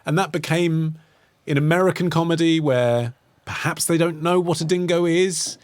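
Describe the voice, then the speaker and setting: A man's voice: a little high, normal speed, no room sound. A man co-hosting a casual history podcast, asking questions and sounding indignant. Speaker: podcast co-host.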